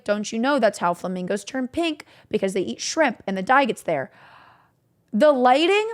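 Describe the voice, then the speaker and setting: A young woman streamer casually recapping stories to her chat, animated and swearing freely. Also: fairly high pitch.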